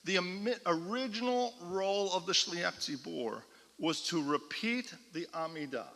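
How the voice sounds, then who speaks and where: A cantor teaches a class in a synagogue classroom or hall, explaining in a lecture style and often checking in with his listeners. His voice sits high and sounds expressive, unhurried, pushed and bright. A long hall reverb colors the recording.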